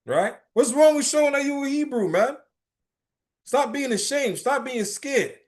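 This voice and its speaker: A man teaching a religious class in an informal, emphatic preaching style, often checking in with "right?" and telling lively, streetwise stories. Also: very high-pitched, measured pace. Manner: emphatic, keeps asking "right?".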